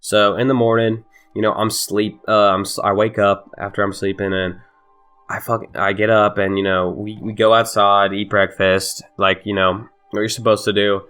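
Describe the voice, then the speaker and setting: A man's voice: lowish voice, flat delivery, moderate pace, a bit bright, smooth, soft background music. A young man telling a heated storytime with lots of swearing and laughter. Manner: profane, laughing, heated retelling. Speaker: vlogger. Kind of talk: casual storytime.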